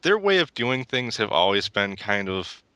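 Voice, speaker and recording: A man's voice: lowish voice, very animated, normal speed, sharp tone, clear, resonant tone, no echo. A young man co-hosting a casual gaming podcast, opinionated and rambling with restarts. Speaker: podcast co-host.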